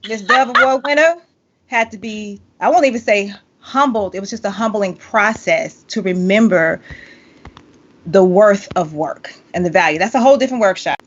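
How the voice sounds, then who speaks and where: A woman in her forties hosting a podcast, playful and animated with quick asides. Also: medium pitch. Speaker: podcast host and singer. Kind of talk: casual interview chat. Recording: dull lo-fi audio.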